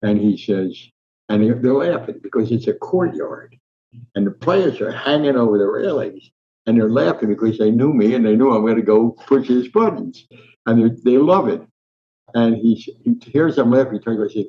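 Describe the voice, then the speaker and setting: A man's voice: mid-range voice, lively intonation, normal speed. A man in his nineties from New Jersey, a guest in an interview telling rambling, vivid anecdotes with frequent restarts. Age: 90s. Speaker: guest, veteran sports columnist. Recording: dull lo-fi sound.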